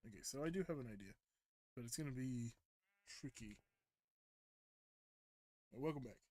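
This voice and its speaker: A young man casually commenting while he plays a game, rambling and often correcting himself mid-sentence. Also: mid-range voice. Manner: rambling, hesitant, self-correcting. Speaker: streamer.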